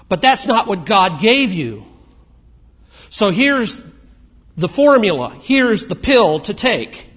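A man preaching a sermon in a conversational way, moving between emphatic points and quiet asides. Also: sits high. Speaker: pastor.

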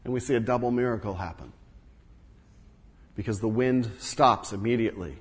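A man preaching a sermon as pastor, moving between loud emphatic bursts and hushed low asides. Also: normal speed, long pauses, husky. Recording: long reverb of a large hall.

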